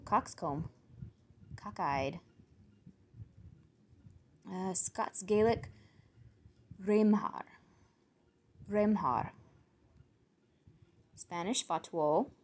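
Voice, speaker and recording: A woman's voice: lowish voice, darkish tone, a little hiss or hum. A woman reading out foreign words and their meanings, thinking aloud and sounding them out as she goes. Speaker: word channel host. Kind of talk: solo vocabulary reading.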